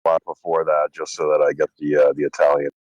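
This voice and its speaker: A man's voice: rumbling low, completely flat delivery, fast, darkish tone, no echo, muffled recording. A man co-hosting a podcast, laid-back and answering briefly in casual chat. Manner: laid-back, short replies. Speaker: podcast co-host. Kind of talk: casual chat among friends.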